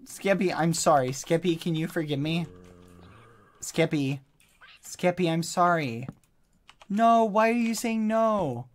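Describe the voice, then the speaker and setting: Animated man pleading during a game stream. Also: high-pitched. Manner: pleading, apologetic, exclamatory. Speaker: gaming streamer. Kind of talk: live-streamed gameplay chat.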